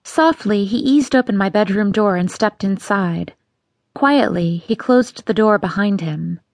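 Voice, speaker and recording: A woman narrating an audiobook in a measured, tense storytelling manner. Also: mid-range voice, creaky, a little mellow, no room sound, clean studio sound. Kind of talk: scripted narration.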